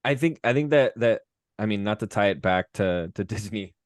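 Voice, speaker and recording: A man's voice: lowish voice, animated, moderate pace, no echo, studio quality. A man who is a voice-actor guest, chatting casually on a podcast, rambling with many restarts.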